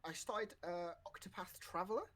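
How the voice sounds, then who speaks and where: A man's voice: high voice, moderate pace, fairly bright tone. Man, casual podcast chat, rambling, lots of ums and likes, hiccups. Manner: rambling, many fillers and restarts. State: has the hiccups. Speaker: podcast co-host.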